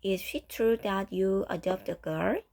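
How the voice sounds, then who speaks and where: A woman's voice: mid-range voice, unhurried, creaky, a little mellow. A woman voicing a nosy older neighbor woman in a storybook reading, blunt and disapproving.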